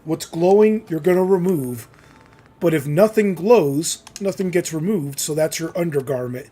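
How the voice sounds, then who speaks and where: A man's voice: fairly high pitch, expressive, moderate pace, dark tone, husky. A man streaming a game live, giving casual, chatty commentary and often saying "man".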